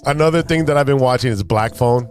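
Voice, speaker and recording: A man's voice: mid-range voice, fast, soft background music. Easygoing male podcast co-host. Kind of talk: casual chat.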